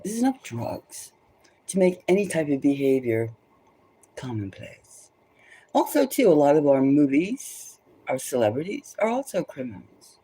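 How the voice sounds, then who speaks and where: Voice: mid-range voice, mellow, slightly rough. A tarot reader giving rambling spoken commentary, emphatic and loose, often repeating phrases for stress. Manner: loose and conversational, many restarts.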